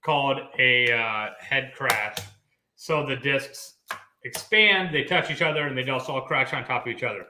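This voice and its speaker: A man's voice: medium pitch, normal speed, echoey room, background noise. A man hosting a casual cooking stream, telling a long-winded, rambling story from his home kitchen. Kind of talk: casual chat while cooking.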